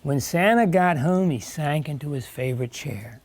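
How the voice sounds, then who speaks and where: A man's voice: on the high side, lively intonation, moderate pace, darkish tone, no room sound. An older man reading a picture book aloud to a class of young children, stopping to ask questions and explain along the way. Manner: chatty, stops to ask and explain. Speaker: guest reader in a classroom. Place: elementary school classroom.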